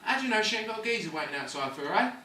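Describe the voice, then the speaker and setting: A man's voice: sits high, very animated, racing, bright, forceful tone, exaggerated voice. A man playing a cocky wide boy. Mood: scornful. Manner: swaggering, lecturing, slangy. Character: cocky London ladies' man, cynical patient. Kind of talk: amateur stage-style film acting. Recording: echoey room, distant mic, faint noise.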